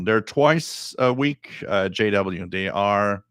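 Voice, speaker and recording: Deep low man, middle-aged, casual live-stream host, rambling, dry close sound. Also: lively intonation, slow, fairly bright tone, clear, resonant tone, no echo. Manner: rambling, repeats words, laughs easily. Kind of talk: casual live-stream chat reading viewer comments.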